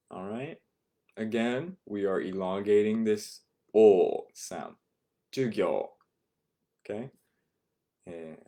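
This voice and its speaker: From his home rather than a classroom, a man with a warm, fairly low voice teaches an online Japanese vocabulary lesson, patiently repeating each word for his students.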